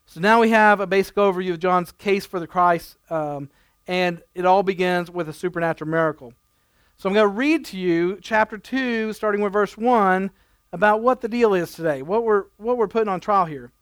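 A man's voice: sits high, normal speed, a bit bright, clean tone, no room sound, studio quality. A man preaching a conversational sermon, reading scripture and adding playful everyday asides. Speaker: pastor.

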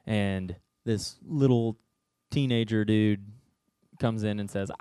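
A young man giving a casual sermon, telling a story in a joking, conversational, animated way. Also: lowish voice, slow pace, clean tone, no echo, clean studio sound. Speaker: youth speaker.

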